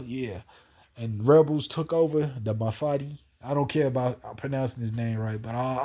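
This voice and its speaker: A man's voice: mid-range voice, mellow. A young man rambling through a solo monologue, repeating the same phrases over and over. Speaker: vlogger.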